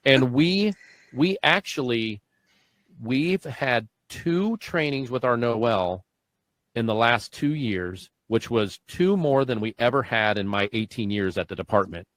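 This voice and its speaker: A man's voice: mid-range voice, measured pace, dry recording. A man, likely in his forties, a podcast host and first responder, telling stories in casual chat and acting out the dialogue. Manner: animated storyteller acting out quoted dialogue.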